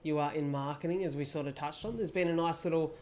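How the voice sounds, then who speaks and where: A man's voice: fairly high pitch, fairly even intonation, fast, darkish tone. A man hosting a podcast, chatting casually and enthusiastically with his guest, with the odd swear word. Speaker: podcast host. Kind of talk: casual interview chat.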